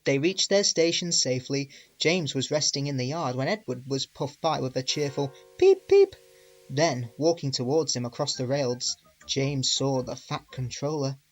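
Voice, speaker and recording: A man reads a children's railway storybook aloud, clear and gentle, with soft music faintly underneath. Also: mid-range voice, steady tone, normal speed. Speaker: reader. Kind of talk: storybook reading.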